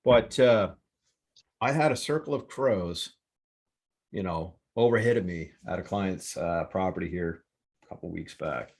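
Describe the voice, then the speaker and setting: A man with a fairly low voice tells a story in loose, casual podcast chat. He swears constantly and gets worked up as he goes, jumping from thought to thought. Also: a little slow. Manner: profane, excitable, rambling. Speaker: podcast host. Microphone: remote call setup.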